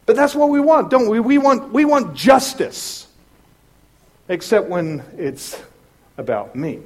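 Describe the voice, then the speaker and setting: A man preaching a sermon, telling a story in an animated way and acting out the voices of the people in it. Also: high-pitched, takes it slowly. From Southern California. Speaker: pastor.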